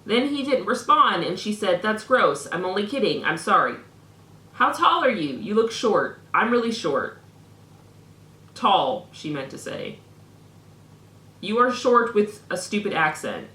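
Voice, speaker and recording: A woman's voice: mid-range voice, very animated, measured pace, pauses often, sharp tone, echoey room. A young woman vlogger reading out messages with sarcastic, mock-indignant commentary.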